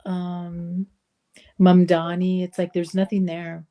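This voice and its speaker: Dry-spoken woman with a mellow voice. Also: on the low side, completely flat delivery, takes it slowly. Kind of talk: casual podcast chat.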